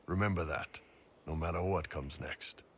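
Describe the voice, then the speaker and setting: A man voicing a soldier and commander in a video game, speaking in a steady, assured way. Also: sits low, moderate pace, breathy edge. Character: gruff male soldier and commander.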